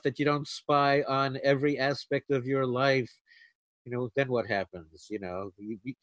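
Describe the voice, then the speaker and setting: A man's voice: mid-range voice, no room sound. A man ranting casually to his viewers, rambling and sarcastic with lots of fillers. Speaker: vlogger. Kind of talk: casual rant to camera.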